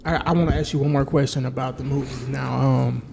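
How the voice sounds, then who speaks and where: A man hosting a podcast, laid-back, asking questions with lots of fillers and shout-outs. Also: mid-range voice, steady tone, a little fast, creaky, background noise. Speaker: podcast host. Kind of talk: casual interview chat.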